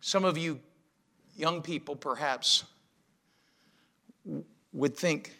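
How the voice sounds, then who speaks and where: Bright, forceful high-voiced male preacher. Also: takes it slowly, vocal fry, long pauses. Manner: emphatic preaching with rhetorical questions. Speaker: pastor. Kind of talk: sermon.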